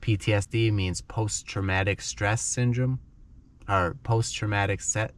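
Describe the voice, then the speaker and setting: A man's voice: lowish voice, steady tone, unhurried, a little hiss or hum. A man teaching English to learners by telling a dramatic story in simple words, often checking in with "okay?".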